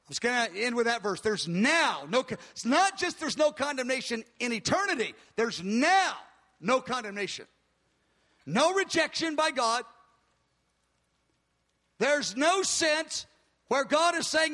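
A man preaching a sermon with emphatic, repeated declarations, slowing down to stress key words. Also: very high-pitched, very animated, sharp tone, in a large hall.

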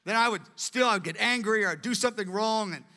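A man preaching a sermon with earnest, animated delivery, in a large hall. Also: sits high, quick pace. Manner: earnest, acts out quoted voices. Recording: long hall reverb.

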